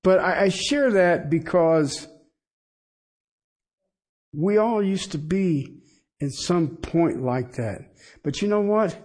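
A man's voice: sits high, animated, slow, pauses often, darkish tone. A middle-aged man preaching a sermon in a conversational way, with asides and rhetorical questions to the congregation. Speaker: pastor.

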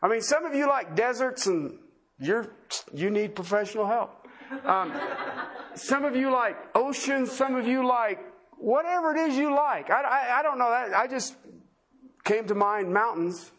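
A man's voice: very high-pitched, expressive, a little slow, a bit bright. A pastor preaching an impassioned sermon, driving his points home with repeated, emphatic questions to his congregation. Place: church service before a congregation.

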